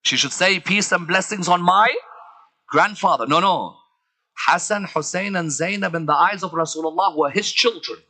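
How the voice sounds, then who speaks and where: A man delivering a dramatic sermon, swinging between loud outbursts and hushed lines and asking the audience rhetorical questions. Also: sits high, moderate pace, rough recording. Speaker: preacher.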